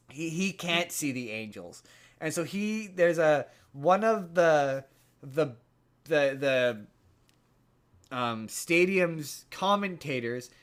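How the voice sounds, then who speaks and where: A man on a podcast rambles through a movie recap in casual chat, stumbling over restarts and repeated words. His voice sits a little high for a man. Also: fairly bright tone. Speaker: podcast host.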